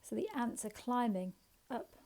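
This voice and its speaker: A woman with a slightly high voice and dark tone teaches phonics to young children. She speaks slowly in a sing-song way, encouraging them, sounding out letters, and asking questions.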